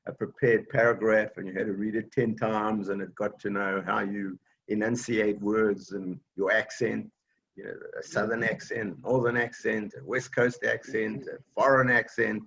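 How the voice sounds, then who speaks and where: Gravelly man teaching an online class. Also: lowish voice, flat delivery, normal speed, fairly bright tone, dull audio. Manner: patient, plain explaining with many fillers and restarts. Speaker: technology class instructor.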